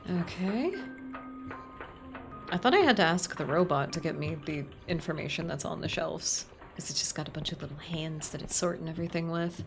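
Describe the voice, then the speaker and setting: A woman's voice: low voice, lively intonation, normal speed, vocal fry, music in the background. A woman streaming a game, chatting casually and reading the text aloud with emotional asides.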